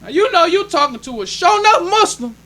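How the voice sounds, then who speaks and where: High-voiced emphatic male preacher. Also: sing-song, fairly quick, pushed and bright. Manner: emphatic preaching with repeated phrases; plainspoken, conversational delivery. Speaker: minister. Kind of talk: sermon.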